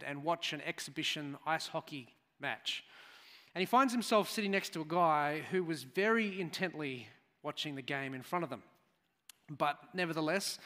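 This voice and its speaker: Man, preacher, high bright voice, conversational storytelling, reverberant church hall. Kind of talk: sermon.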